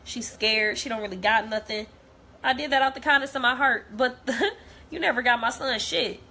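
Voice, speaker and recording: A woman's voice: on the high side, moderate pace, bright, forceful tone. A young woman talking straight to camera, blunt and heated, repeating herself as she vents. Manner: blunt, repetitive, heated, profane. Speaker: vlogger. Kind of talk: direct-to-camera rant.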